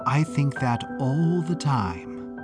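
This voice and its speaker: A man reading an audiobook and voicing a gentle, soft-spoken young woman in a raised voice. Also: mid-range voice, animated, slow pace, over music. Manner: cooing, gentle. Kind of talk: audiobook character voice.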